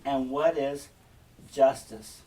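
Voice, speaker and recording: A man's voice: mid-range voice, level tone, slow pace, warm tone, low-quality recording. A man reading a fairy tale aloud and stopping often to explain its lessons in a conversational way. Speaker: storyteller and teacher.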